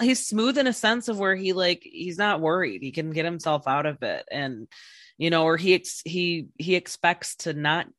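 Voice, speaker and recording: A woman's voice: sits low, fairly bright tone, dry recording, clean studio sound. A woman hosting a podcast interview, talking in a rambling, casual way with many fillers and restarts. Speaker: podcast host.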